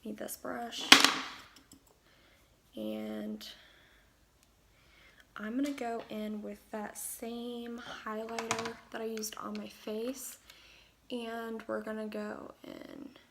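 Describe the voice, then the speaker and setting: A young woman with a slightly high voice and a gravelly, fry-tinged edge chats her way through a makeup tutorial. She rambles, drifts into asides and fills gaps with fillers, as if talking to friends from her room. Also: fairly even intonation, extremely slow, pauses often, a little hiss or hum. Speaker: beauty vlogger.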